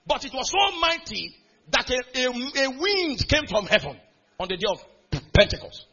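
A man's voice: very high voice, sing-song, normal speed, highs cut off, heavy background noise. A man preaching a sermon in a church hall, reading scripture aloud and calling out questions to the congregation. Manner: reads scripture aloud in a rising, building cadence. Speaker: pastor.

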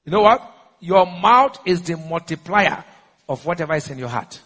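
A Nigerian man preaching in an echoey church hall, pitching his voice high and bright. His delivery is emphatic and lively, full of call-and-response questions to the crowd. The voice has a husky edge. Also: moderate pace. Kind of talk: sermon.

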